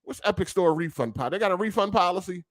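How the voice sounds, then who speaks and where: A man's voice: sits high, expressive, fast talker. Profane, ranting male streamer. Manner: frustrated, swearing, slangy. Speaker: podcast host and streamer. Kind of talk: casual profane rant. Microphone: streaming setup over a weak connection.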